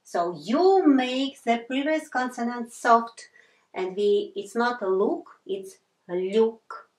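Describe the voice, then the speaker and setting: Female teacher, slow and patient, roomy echo, mic set back. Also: fairly high pitch, animated, a little mellow. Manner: patient, repeats sounds many times, apologizes for slips. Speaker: language teacher. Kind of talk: slow whiteboard lesson with repeated examples.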